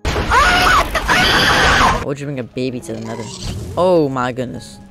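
A young man commentating his game as he plays, excitable and joking, taunting the creatures he fights. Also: mid-range voice, slow pace, over loud music. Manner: excitable, joking, talks to mobs. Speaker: gamer. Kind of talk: let's play commentary.

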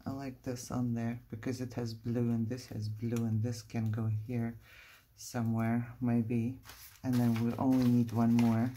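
A woman's voice: a bass voice, flat delivery, a little slow, mellow, slight background noise. A middle-aged woman vlogging about her crafts, thinking aloud in a chatty, playfully dramatic way. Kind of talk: casual crafting chat.

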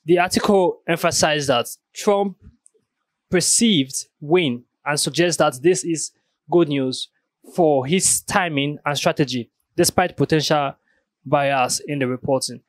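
Repetitive higher-voiced male reactor. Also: a little slow, no room sound. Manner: repetitive, stacking emphatic repeats. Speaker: reaction channel host. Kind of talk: casual reaction and summary.

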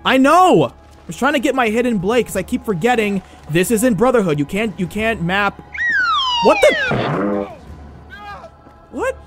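A man's voice: high voice, wildly swooping pitch, measured pace, long pauses. A young man giving casual, jokey let's-play commentary, trash-talking the game and its characters. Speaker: gameplay commentator. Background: game music.

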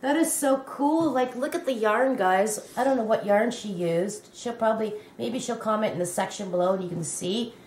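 A Canadian crochet vlogger gushes excitedly while unboxing a gift on camera, exclaiming often. Her voice is fairly high-pitched at a moderate pace with hardly any pauses, recorded in an echoey room with faint noise.

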